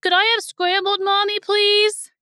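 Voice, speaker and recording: A woman voicing a picky, anxious young boy who pleads in a high, whiny voice. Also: little pitch movement, unhurried, bright, forceful tone, no echo, studio quality, full character voice. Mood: whining.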